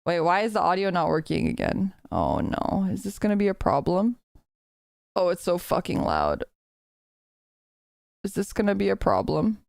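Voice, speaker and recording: Giggly, animated woman streamer. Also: lowish voice, moderate pace, creaky, long pauses, no echo, studio quality. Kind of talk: casual game-stream chat and reading.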